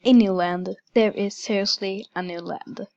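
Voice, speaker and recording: Slow-talking woman game commentator, giggly and gushing, dull recording. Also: medium pitch, steady tone, heavy background noise. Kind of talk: casual gameplay commentary.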